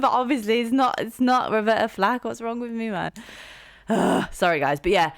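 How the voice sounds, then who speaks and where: A woman's voice: a little high, normal speed, no echo, studio quality. A young woman hosting a music reaction, gushing and rambling with lots of fillers and restarts. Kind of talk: casual reaction commentary.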